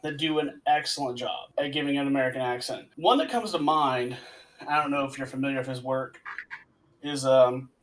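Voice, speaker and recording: A man co-hosting a movie podcast, sharing behind-the-scenes stories in easy, casual chat. His voice sits at a middle pitch. He sounds a little distant from the microphone. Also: brisk, slight background noise. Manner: storytelling, explains with trivia. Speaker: podcast co-host.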